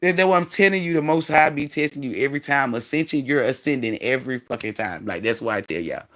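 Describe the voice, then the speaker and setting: A man's voice: medium pitch, expressive, quick pace, fairly bright tone. A man hosting a spiritual livestream, preaching in a profane, rambling way. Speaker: livestream host.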